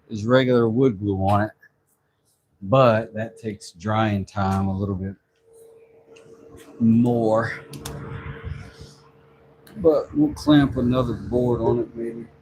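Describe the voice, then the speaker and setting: A man's voice: medium pitch, takes it slowly, long pauses, darkish tone. A man hosting a casual livestream from his woodworking shop, joking and greeting viewers by name. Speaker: livestream host. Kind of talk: casual livestream chat while working. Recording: noisy shop ambience.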